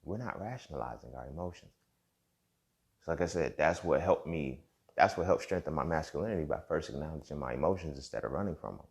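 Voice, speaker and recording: A young man hosts a podcast in a very low, rumbling, gravelly voice, speaking quickly with lively intonation. His monologue is casual and reflective, and he repeats himself, constantly checking in with "you feel me."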